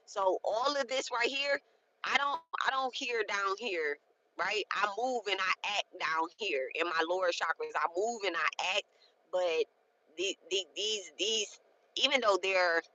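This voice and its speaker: A woman in her late thirties talks in a loose, chatty way, leaning hard on her points and tossing in "okay?" to keep her listeners with her. Her voice is bright and forward, and her delivery is conversational and frank. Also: mid-range voice, poor audio. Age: 30s. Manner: chatty and emphatic, often checks in with "okay?". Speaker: spiritual content creator. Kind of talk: casual spoken ritual walkthrough.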